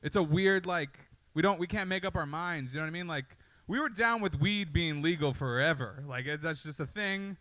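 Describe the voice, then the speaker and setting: A man's voice: fairly high pitch, normal speed, few pauses, sharp tone, no room sound. A man doing a loose, conversational stand-up comedy set with swearing and asides, on a comedy club stage into a handheld mic. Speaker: stand-up comic.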